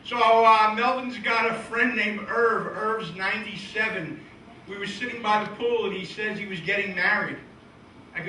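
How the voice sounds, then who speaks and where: A middle-aged man tells deadpan jokes in a high, sharply bright voice. He slips into his old relatives' voices as the punchlines come. He is picked up from a distance in an echoey room with a faint hiss. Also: moderate pace. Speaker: comedian and magician. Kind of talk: stand-up comedy and magic routine. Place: live show venue.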